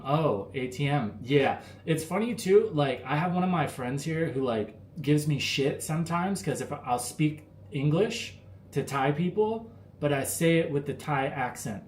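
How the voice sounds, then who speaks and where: A man's voice: fairly high pitch, lively intonation, a little slow, darkish tone, a little hiss or hum. An American man hosting a live stream, answering chat questions in a laid-back, rambling way full of fillers. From United States. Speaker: livestream host answering chat. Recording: roomy with faint ambience.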